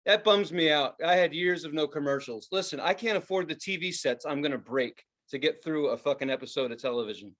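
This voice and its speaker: A man's voice: on the high side, brisk, hardly any pauses. A man from the United States co-hosting a podcast, ranting casually with lots of swearing and mock-quoting others. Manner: animated, swearing, mock-quoting advertisers in raised voice. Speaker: podcast co-host. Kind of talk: casual profane rant.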